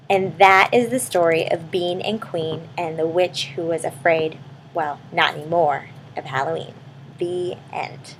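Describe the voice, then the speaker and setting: A woman telling an improvised bedtime story to a child, speaking warmly and turning to the listener with questions. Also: on the low side, steady tone, measured pace, a little hiss or hum, rough recording. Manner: warm, addresses the listening child directly.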